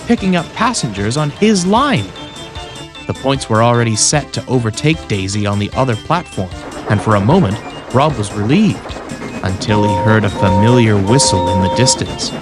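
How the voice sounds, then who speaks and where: Brief: expressive male storybook narrator, mid pitch, lively intonation, music underneath. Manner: expressive, voices every character.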